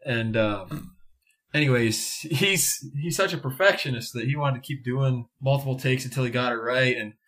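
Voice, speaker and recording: A man's voice: mid-range voice, normal speed, a bit bright. A man hosting a casual podcast, joking and teasing as he talks. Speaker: podcast host.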